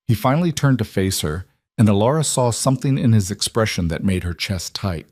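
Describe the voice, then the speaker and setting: A man narrating a dramatic story in a calm, even reading voice. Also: on the low side, a little fast, hardly any pauses, dry recording, studio quality.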